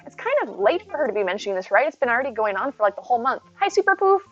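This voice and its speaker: A woman's voice: on the high side, very animated, very fast, dull audio, faint music behind. A woman streaming from home, chatting casually, greeting viewers by name and talking to her cat. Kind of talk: casual live-stream chat. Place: at home near her bed.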